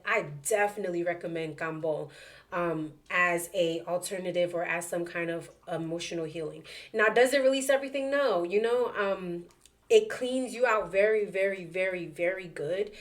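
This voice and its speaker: A young adult woman telling a personal story casually to camera, animated and chatty, with many fillers and repeated words. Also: medium pitch. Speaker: vlogger sharing a personal story.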